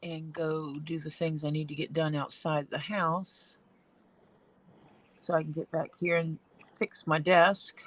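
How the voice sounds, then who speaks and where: A woman's voice: sits low, level tone, unhurried. A woman streaming her leatherwork from a home basement workroom, chatting and thinking aloud as she works. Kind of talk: casual livestream chat while working.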